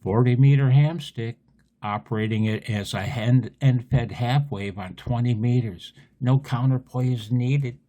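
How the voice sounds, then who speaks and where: A man's voice: medium pitch, measured pace, mellow. A man rambling through a casual amateur radio vlog, silly and laughing often, with a strained throat.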